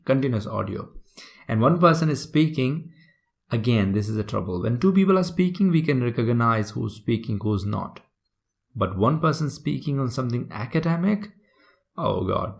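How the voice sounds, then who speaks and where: A man's voice: mid-range voice, gravelly. A man teaching a recorded exam-prep lesson, explaining step by step and often checking in with the listener. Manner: explanatory, checks in with "right?" and "okay?".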